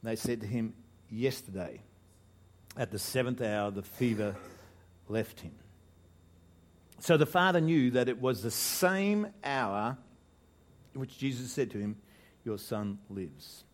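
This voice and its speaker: An Australian man preaching from the pulpit with a mid-range voice that swells loudly on key words. He tells jokes, breaks off and restarts his sentences, and keeps an easy, lively sermon rhythm. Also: mid-range voice, unhurried. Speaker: pastor.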